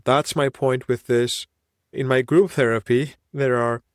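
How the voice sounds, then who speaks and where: A man's voice: medium pitch, no echo. Greek accent guy rambling thoughtfully on his own podcast, dry close sound. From Greece. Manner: reflective, musing, wandering train of thought. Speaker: podcast host. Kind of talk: solo podcast monologue.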